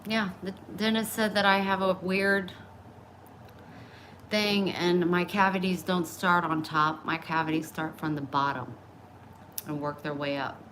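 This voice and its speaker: Woman, middle-aged, low voice, blunt, oversharing, casual vlog, clear background noise. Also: steady tone, a little slow, a bit bright, poor audio. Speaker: vlogger. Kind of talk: candid casual chat.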